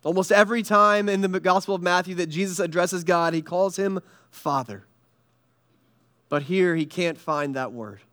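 A man preaching a sermon in an earnest style, pausing often and dropping soft and low on heavy lines. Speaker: pastor.

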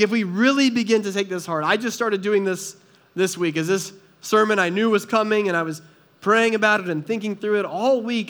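A man's voice: high-pitched, a bit bright. A man preaching a sermon in an earnest, conversational way, often asking the listeners rhetorical questions. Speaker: pastor.

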